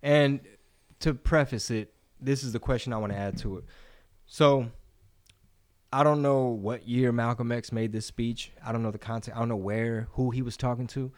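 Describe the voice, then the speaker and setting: A man's voice: mid-range voice, fairly even intonation, moderate pace, a little mellow. A young man co-hosting a podcast in casual, profane chat, often slipping into mocking impressions. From Texas. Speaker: podcast co-host.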